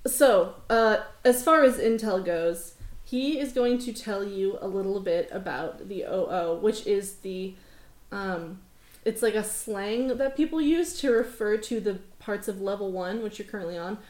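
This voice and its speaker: A woman's voice: mid-range voice, unhurried, darkish tone, echoey room. A woman narrating as game master of a tabletop game, casual and rambling with many fillers. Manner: casual, rambling, laughs often. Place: construction zone.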